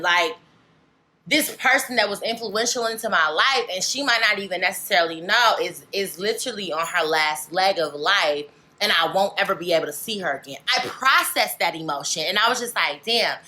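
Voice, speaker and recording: A woman's voice: medium pitch, bright, forceful tone. A young woman vlogger chatting candidly to camera, rambling and filling with "like" and "legit". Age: young adult. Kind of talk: casual chat to camera.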